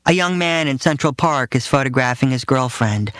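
A man's voice: medium pitch, normal speed, fairly bright tone, clear, resonant tone, no echo. A man narrating his own first-person memoir in a dry, matter-of-fact way.

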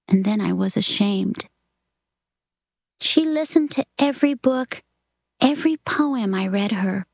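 A woman reading a story aloud in a soft, often half-whispered delivery. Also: medium pitch, measured pace, pauses often, slightly rough, dry recording, studio quality. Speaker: reader.

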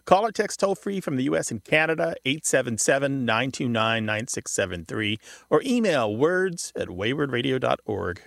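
A man co-hosts a radio show about words, joking easily one moment and laying out spellings step by step the next. His voice is mid-pitched and close, with a dry studio sound. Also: big pitch swings, normal speed, creaky, fairly bright tone, no echo. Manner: jokey, then explains spellings methodically. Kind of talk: casual radio chat.

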